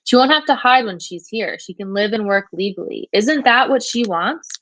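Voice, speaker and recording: A woman's voice: a little high, lively intonation, normal speed, a bit bright, no echo, poor audio. A woman reading as a coaxing woman detective. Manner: coaxing, persuasive.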